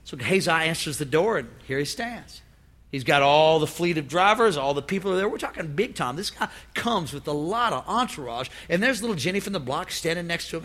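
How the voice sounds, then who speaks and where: A man pastor preaching a lively, comedic sermon to his congregation, with call-and-response. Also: on the high side, a little fast. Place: church hall with congregation.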